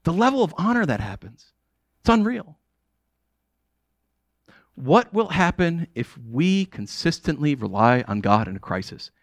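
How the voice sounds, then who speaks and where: An American man preaching a sermon as pastor, conversational and animated, with casual asides. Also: a little high, measured pace, long pauses, dry recording.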